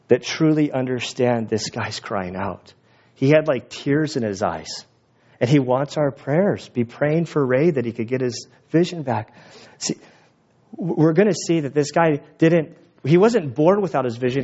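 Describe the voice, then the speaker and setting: Male pastor preaching in a conversational way. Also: mid-range voice. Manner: conversational, animated preaching with quick asides. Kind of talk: sermon. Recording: dull lo-fi recording.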